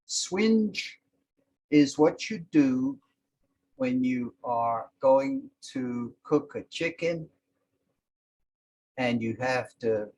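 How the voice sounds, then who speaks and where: A man teaching a language lesson, explaining words slowly and calling out each one with emphasis. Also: medium pitch, darkish tone, slight background noise, low-quality recording. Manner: slow and explanatory, sounding out each word with emphasis.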